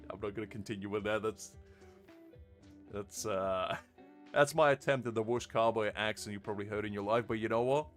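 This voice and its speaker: A man's voice: lowish voice, steady tone, moderate pace, long pauses, soft background music. A man chatting casually on a live game stream, rambling and laughing at himself. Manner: rambling, self-mocking, laughs often.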